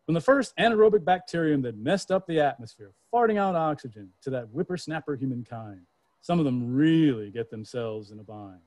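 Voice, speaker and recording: A man's voice: a little high, expressive, fairly quick, a little mellow, no room sound. A man reading his speculative poetry aloud with dramatic, rhythmic delivery. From Georgia, US. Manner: dramatic, rhythmic recitation with character voices. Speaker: poet.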